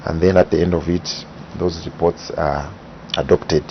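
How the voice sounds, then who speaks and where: A man speaks in a very deep, gravelly voice, laying out his points in a measured, methodical way. The recording sounds dull, with a faint hiss behind him. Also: flat delivery. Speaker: guest explaining parliament procedure. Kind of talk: broadcast interview answers.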